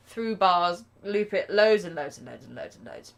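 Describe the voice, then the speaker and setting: A drum teacher with a somewhat low voice runs a live lesson, chatting casually and poking fun at herself. She counts sixteenth notes aloud while a drum kit plays loudly behind her. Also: moderate pace, vocal fry, few pauses, over loud music. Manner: chatty and self-deprecating, counting beats aloud.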